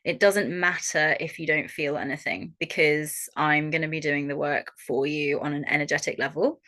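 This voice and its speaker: A young Australian woman coaching a workshop audience in a frank, animated way and swearing freely. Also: low-pitched. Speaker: holistic coach. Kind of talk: online workshop talk.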